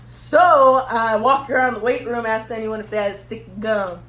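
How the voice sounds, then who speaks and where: A woman's voice: a little high, fairly even intonation, moderate pace. A young woman telling a storytime vlog, rambling and laughing at herself. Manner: laughing, rambling, self-teasing. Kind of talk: casual storytime chat. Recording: echoey room, faint background hum.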